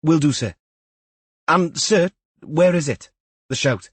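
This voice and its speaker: A man's voice: on the high side, takes it slowly, husky, no room sound, voice pushed up. A man voicing an eager, jokey young detective constable. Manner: eager, upbeat, joking.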